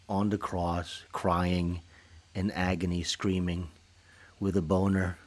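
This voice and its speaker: Low-voiced man rambling on a livestream. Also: flat delivery, a little slow. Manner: crude, rambling, joking, with sudden loud bursts. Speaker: livestream host. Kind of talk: casual livestream chat. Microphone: small studio microphone.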